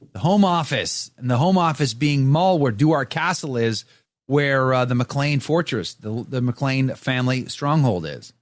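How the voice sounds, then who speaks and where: A man's voice: medium pitch, dry recording, studio quality. A man hosting a show, chatting casually and reading viewer comments with playful, mock-indignant rants. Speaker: show host.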